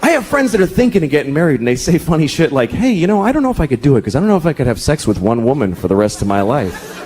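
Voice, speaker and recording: Stand-up comedian man, wildly swooping pitch. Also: big pitch swings, racing, a little hiss or hum. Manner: acts out shouting characters in high voice. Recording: live club with crowd. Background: audience laughter.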